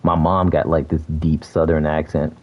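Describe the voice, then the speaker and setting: A young man from South Florida with a very deep, low voice talks casually while he streams a shooter game. His tone is laid-back and easygoing, full of laughter and friendly banter. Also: level tone, normal speed, highs cut off. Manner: laid-back, laughs often, says "bro" a lot. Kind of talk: casual chat while gaming.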